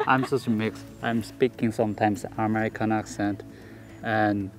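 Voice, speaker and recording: A woman from southeast Korea, a native Korean speaker, chats in English as a co-host. Her voice sits very low, and she often pauses to search for words. Music plays clearly in the background. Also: fairly even intonation. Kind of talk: casual chat.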